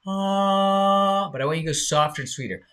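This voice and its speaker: Here a man whose voice sits a little high, with a sharp tone, is teaching singing live over the internet. Slow and drawn-out, he cheers his students on and models the parts by singing them.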